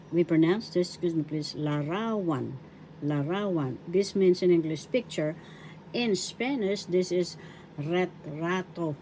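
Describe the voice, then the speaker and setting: Slow, mellow-voiced Filipino teacher woman. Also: on the low side, a little hiss or hum, poor audio. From Philippines. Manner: deliberate, repeats each word, breaks it into syllables. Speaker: language teacher. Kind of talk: slow syllable-by-syllable language lesson.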